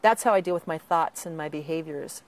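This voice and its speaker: A woman answering interview questions as an author and patient advocate, speaking earnestly and slipping into animated quoted voices, with some breathing trouble. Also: low voice, fairly quick.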